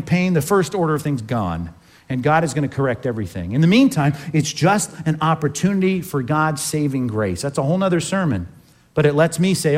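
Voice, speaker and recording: A man preaching a sermon in a conversational way, often putting questions to the congregation. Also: a little high. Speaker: pastor.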